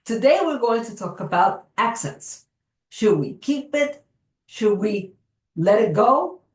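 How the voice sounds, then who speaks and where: A woman speaker and coach with a Spanish accent, giving a motivational talk to camera in a slow, deliberate way. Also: mid-range voice. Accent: Spanish-accented English. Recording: echoey room.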